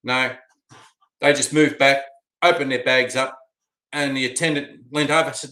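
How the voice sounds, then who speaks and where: A man's voice: mid-range voice, fairly even intonation, moderate pace, pauses often, sharp tone. An Australian man telling a rambling travel story in a casual, chatty way, full of fillers. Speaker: vlogger. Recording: roomy echo.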